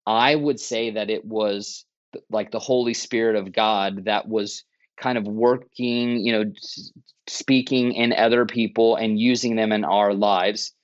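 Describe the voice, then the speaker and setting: A man's voice: on the low side, fairly even intonation, measured pace, no echo. A man telling his story earnestly in a casual podcast interview, with plenty of restarts. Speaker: church planter guest. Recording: muffled, dry podcast audio.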